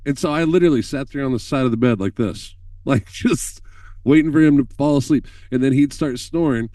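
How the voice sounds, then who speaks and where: A man telling stories on a podcast call in an animated, profane way, laughing often. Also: mid-range voice, brisk, no room sound, distant mic. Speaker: guest filmmaker telling stories. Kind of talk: casual podcast chat.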